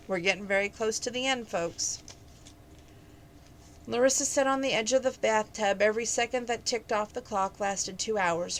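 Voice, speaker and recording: A woman reads a romance novel aloud in a relaxed, conversational way, now and then chatting to her listeners. Her voice sits at a middling pitch, with a faint hiss of noise in the background. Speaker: book reader.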